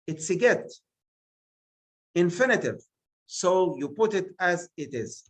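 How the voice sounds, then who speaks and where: A male teacher talks through an exam revision lesson at an extremely slow pace, his pitch rising and falling widely. He is deliberate and stresses single words one by one. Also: big pitch swings. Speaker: English teacher.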